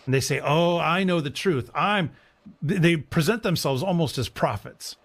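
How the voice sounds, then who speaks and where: A man's voice: a little high, moderate pace. A man co-hosting a casual discussion, reading verse passages aloud with rising emphasis. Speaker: podcast co-host, priest.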